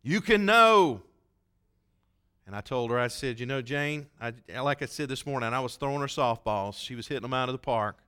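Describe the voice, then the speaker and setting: A man's voice: medium pitch, fairly even intonation, fast talker, few pauses, a bit bright, clear, resonant tone. A man preaching as a pastor, telling a story in a folksy, conversational way and acting out the voices he quotes. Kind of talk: sermon storytelling.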